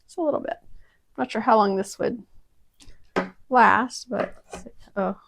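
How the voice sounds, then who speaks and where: A woman's voice: fairly high pitch, measured pace, creaky, noisy background. A woman casually testing kitchen gadgets at home, chatty and prone to dramatic exclamations. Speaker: product-testing vlogger. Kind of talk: casual kitchen product review.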